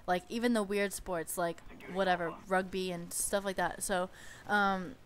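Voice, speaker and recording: A woman's voice: fairly low pitch, fairly even intonation, a little slow, a little hiss or hum. A young woman in a casual storytime vlog, chatty and exasperated, peppering her stories with "like". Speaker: babysitter telling stories.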